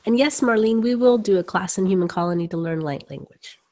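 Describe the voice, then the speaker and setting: A woman hosting a channeling session, chatting and telling a story in a warm, chatty way with fillers. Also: medium pitch, a little fast. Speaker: host. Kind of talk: casual chat.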